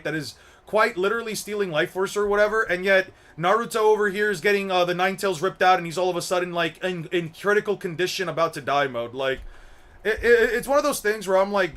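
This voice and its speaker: A young man with a high, slightly bright voice talks briskly and with lots of animation. He hosts an anime commentary channel and is casually ranting his opinions, rambling, repeating words and swearing as he goes.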